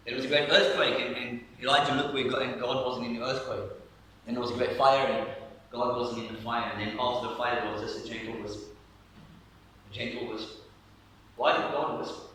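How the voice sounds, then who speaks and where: Male pastor, animated storytelling preacher, bright and forceful, heavy church echo. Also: mid-range voice. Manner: animated storytelling preacher, acting out scenes, dropping to a hush for emphasis. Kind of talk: sermon. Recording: echoey church from far off with faint noise.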